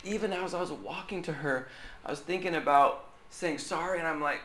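A man voicing a young girl who earnestly describes something hard, in halting, breathless phrases. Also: a little high, a bit bright, reverberant, a little hiss or hum, voice pushed up, lightly acted.

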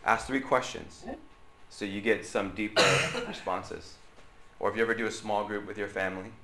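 A man delivers a conversational sermon, weaving stories into his message and stopping to check in with his listeners. His voice sits a little low but sounds bright and forward. The sound bounces around a roomy church hall. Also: steady tone, moderate pace, slight background noise. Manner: chatty, checks in with the crowd with tag questions. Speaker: pastor.

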